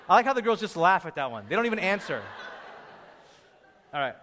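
A man's voice: sits high, big pitch swings, a little fast, long pauses, bright, forceful tone. A man preaching a sermon, conversational and joking with the congregation. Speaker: pastor. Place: church hall. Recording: long hall reverb.

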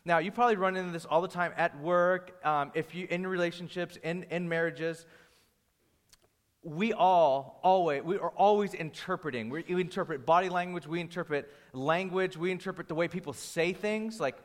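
A man's voice: high voice, normal speed. Man teaching in a reverberant hall. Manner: conversational, restarts and anecdotes, rising energy when storytelling. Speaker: pastor teaching a church class. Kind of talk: teaching a Bible class.

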